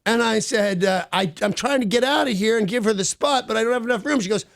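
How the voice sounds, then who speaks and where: A man's voice: quick pace, gravelly, hardly any pauses, dry recording, clean studio sound. A man hosting a radio show, telling a story with lots of energy, laughing at himself and acting out every quote in a jumpy voice. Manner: excitable, self-mocking, acts out quotes with big pitch jumps. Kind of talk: animated storytelling chat.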